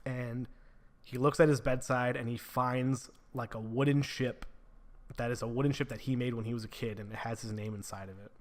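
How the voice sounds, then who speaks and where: Casual, foul-mouthed man reviewing a book. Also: medium pitch. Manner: casual, swears freely, many filler "like"s.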